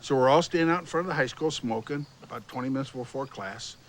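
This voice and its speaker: An older man casually recounting a prank from his school days, building briskly toward the punchline. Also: mid-range voice. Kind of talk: casual reminiscing.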